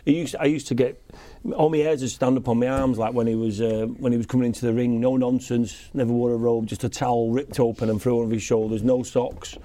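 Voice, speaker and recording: A man's voice: medium pitch, flat delivery, fairly quick, warm tone. A man captaining a team on a sports quiz podcast, telling stories in a chatty, rambling way. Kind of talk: casual banter and storytelling.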